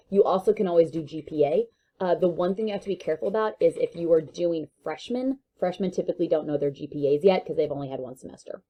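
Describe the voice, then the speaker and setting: Mellow, low-voiced woman teaching casually. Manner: casual and joking, with many fillers. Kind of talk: recorded online lesson.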